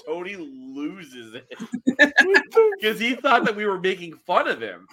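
A man, a guest band member, telling animated stories in a casual podcast chat, swearing and repeating himself. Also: high-pitched, takes it slowly. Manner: animated storyteller, swears freely, repeats words.

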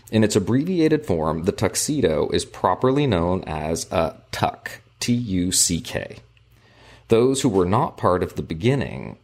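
A man co-hosting a podcast, reading aloud from a local history book in a measured, deliberate way. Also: low-pitched. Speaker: podcast co-host.

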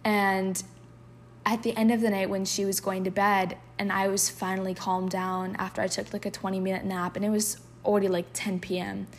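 A woman's voice: medium pitch, little pitch movement, normal speed, a little hiss or hum. A woman hosting a podcast, telling a candid personal story full of "like" fillers and reading poems aloud, sometimes dropping to a whisper. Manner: emotional, confessional, with frequent filler "like". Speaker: podcast host.

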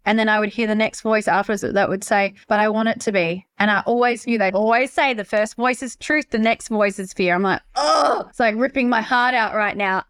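Animated, high-pitched woman podcast host. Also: clear, resonant tone. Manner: expressive, swears casually, acts out quoted voices. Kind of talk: casual interview chat.

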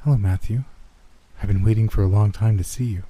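A man's voice: on the low side, steady tone, a little fast, mellow, breathy edge. Field: a man doing a weary little girl, faint German accent. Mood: weary pleading. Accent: German hint. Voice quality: tired, strained on every word. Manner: urgent, pleading. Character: exhausted eight-year-old girl, pleading, faintly German.

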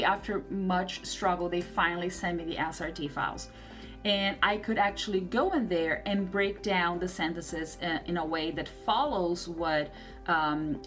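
A woman hosting a podcast about translation work, telling stories in a chatty way and acting out the voices she quotes. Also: mid-range voice. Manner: animated storytelling, acts out quoted voices. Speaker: podcast host, translator and subtitler. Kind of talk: casual podcast talk.

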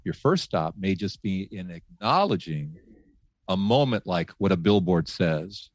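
Low-voiced man telling faith stories. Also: no room sound. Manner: animated, laughing, frequent restarts. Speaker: guest, former radio host. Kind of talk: casual faith storytelling.

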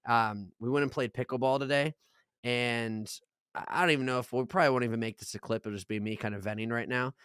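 Animated young man telling stories. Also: medium pitch, fast, clean tone, dry recording, studio quality. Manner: animated storyteller, laughs and swears, acts out quotes loudly. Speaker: podcast co-host. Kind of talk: casual storytelling chat.

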